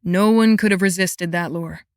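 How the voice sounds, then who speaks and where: A woman reading an audiobook voices a wry, sharp-tongued young male guardian who talks in a low, dry, mocking way. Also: moderate pace, clean tone, no room sound, close to an everyday voice.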